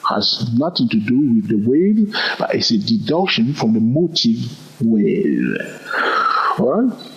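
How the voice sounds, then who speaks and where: A man's voice: medium pitch, huge pitch swings, slow pace, breathy edge. A man teaching a chart walkthrough lesson on trading, counting moves aloud and often checking in with the viewer. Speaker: trading instructor. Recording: dull lo-fi recording.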